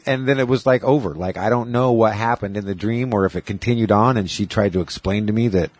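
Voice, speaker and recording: Husky man in his forties telling stories. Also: on the low side, quick pace, few pauses, a little mellow, no room sound. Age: 40s. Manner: rambling storytelling, quoting others in raised voices. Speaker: podcast host. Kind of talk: casual chat.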